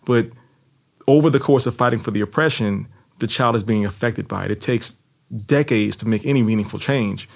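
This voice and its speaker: Thoughtful low-voiced novelist. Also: male voice, fairly quick, gravelly. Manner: thoughtful, searching, with restarts. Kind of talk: interview conversation.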